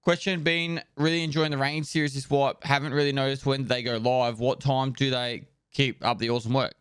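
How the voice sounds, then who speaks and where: Smooth-voiced streamer rattling off thank-yous. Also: male voice, medium pitch, level tone, dry recording, clean studio sound. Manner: rattles off viewer names and thanks in quick bursts, loose and joking, swears. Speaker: live streamer. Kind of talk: casual live-stream chat, reading out subscriber thank-yous.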